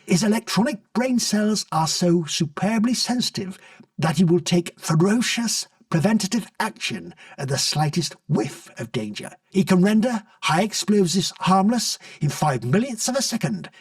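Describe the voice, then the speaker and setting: A man's voice: high voice, animated, dry recording, voice pushed up. A man doing an elderly kindly scientist. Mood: patient. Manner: explains slowly and patiently. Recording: dry, distant mic.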